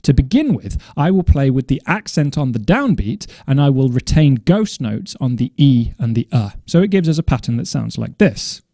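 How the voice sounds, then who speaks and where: A man teaching drum coordination in a measured, methodical way, now and then correcting himself as he explains. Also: medium pitch, big pitch swings, mellow, dry recording. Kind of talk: instructional explanation.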